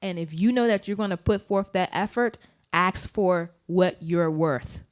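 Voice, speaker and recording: A woman's voice: fairly low pitch, measured pace. A woman co-hosting a casual podcast, talking emphatically and giving advice through anecdotes. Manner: mimics voices when quoting people. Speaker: podcast co-host.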